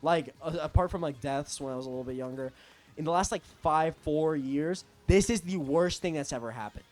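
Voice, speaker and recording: A man's voice: fairly high pitch, a little fast, darkish tone, faint music behind. A young man telling a personal story in a casual rant, profane, rambling and agitated. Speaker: storytelling vlogger.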